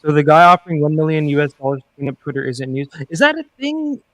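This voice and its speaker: A man's voice: on the high side, very animated, fast, fairly bright tone, no room sound. A man co-hosting a podcast, laid-back and chatty, tossing in playful asides. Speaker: podcast co-host. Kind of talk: casual chat.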